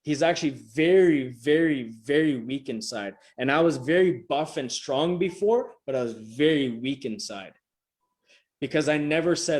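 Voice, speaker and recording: A man's voice: a little high, moderate pace. Emphatic man coaching over a video call. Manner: emphatic, repetitive, casual with swearing. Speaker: motivational coach presenting a session. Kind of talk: motivational talk on a video call. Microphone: video call microphone.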